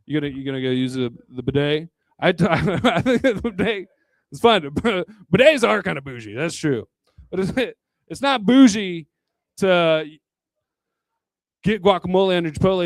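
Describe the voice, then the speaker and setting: High-pitched male stand-up comic with a crude, rambling delivery, dry close sound. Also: no room sound. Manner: crude, rambling, chuckles between jokes. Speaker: stand-up comedian. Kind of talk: stand-up comedy set. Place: live comedy venue.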